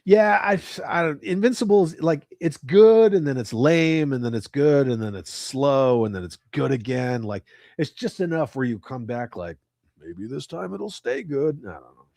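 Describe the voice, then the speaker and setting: Man, livestream host, casual profane banter, lively up-and-down voice, dead dry sound. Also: mid-range voice, moderate pace, no echo. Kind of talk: casual chat with live viewers. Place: at home with his cats.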